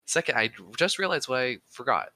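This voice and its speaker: A man's voice: medium pitch, animated, a little fast, pushed and bright, no echo. A young man co-hosting a podcast, chatting casually with loose, rambling opinions and plenty of swearing. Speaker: podcast co-host. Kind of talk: casual chat.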